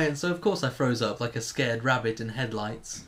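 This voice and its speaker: A man's voice: medium pitch, animated, normal speed, a bit bright, a little hiss or hum. British young man swearing casually. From Britain. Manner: swears freely, rambling anecdotes with playful voices. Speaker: podcast co-host. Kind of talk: casual chat.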